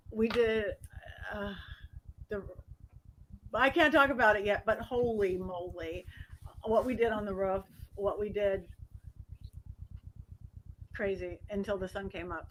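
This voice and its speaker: A woman psychic medium telling stories as a guest in a casual chat, animated and quick to laugh. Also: mid-range voice, a little hiss or hum, low-quality recording.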